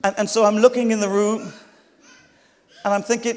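A man's voice: high-pitched, level tone, moderate pace, a little mellow. A middle-aged man preaching a storytelling sermon, with chatty, humorous asides to the congregation. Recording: long hall reverb.

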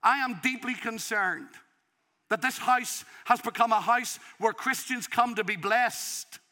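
A man's voice: extremely high pitch, a little slow, pushed and bright, in a large hall. A male pastor preaching an impassioned sermon in church, pleading and emotional as he urges his congregation. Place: church in the city.

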